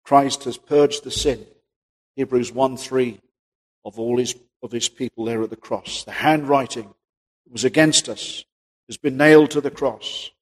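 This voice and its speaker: A male preacher giving a sermon, posing rhetorical questions and swinging between loud and quiet passages. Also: mid-range voice, steady tone, unhurried. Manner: rhetorical questions, rises and drops in volume. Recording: long hall reverb.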